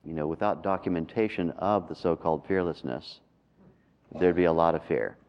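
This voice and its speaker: Deep gravelly male storyteller. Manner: calm, measured and reflective. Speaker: meditation teacher. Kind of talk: storytelling in a talk. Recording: dull lo-fi recording.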